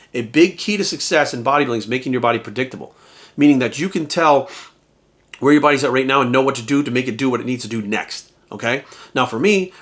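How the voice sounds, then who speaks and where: A man talking as a bodybuilding coach in a casual vlog rant, animated and swearing constantly, tossing in rhetorical asides. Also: mid-range voice. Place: at home.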